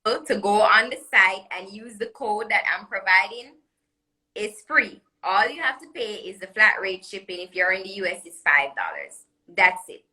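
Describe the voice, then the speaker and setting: Caribbean woman designer, bright crisp tone, chatty and promotional, live stream call audio. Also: mid-range voice, very animated, moderate pace, low-quality recording. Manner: chatty, laughs often, promotional. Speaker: jewelry designer guest. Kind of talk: live social media interview. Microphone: phone or webcam on live video call.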